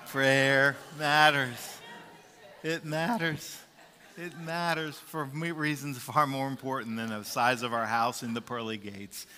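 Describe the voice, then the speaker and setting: A man's voice: medium pitch, fairly even intonation, measured pace, bright, forceful tone. Emphatic male pastor preaching in a hall. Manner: emphatic, repeats key phrases, some restarts. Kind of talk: sermon.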